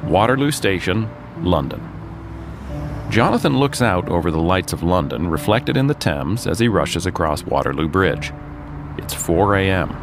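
Over background music, a low-voiced man from the United States hosts a podcast and tells a true story with dramatic flair. His intonation is sing-song and his pace moderate, and he tosses in jokey asides between scenes.

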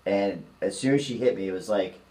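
A man's voice: lowish voice, fairly quick. A man in his thirties co-hosting a podcast, telling rambling stories and acting out the voices in them. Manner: rambling, animated storyteller acting out quotes. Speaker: podcast co-host. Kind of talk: casual storytelling chat. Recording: echoey room, voice a bit far from the mic, faint ambient noise.

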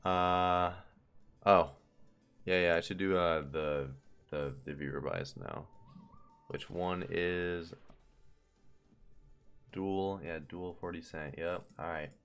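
A young man commentating his own slot stream, pleading with the game, swearing and getting excited. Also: low voice, slow, pauses often, smooth, soft background music. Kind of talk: live gambling stream commentary.

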